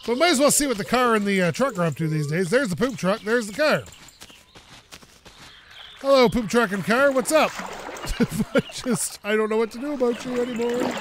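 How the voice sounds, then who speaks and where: A man giving casual gameplay commentary as a let's play host, excitable, swearing and yelling at the other drivers in the game. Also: sits high. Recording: game engine noise under voice.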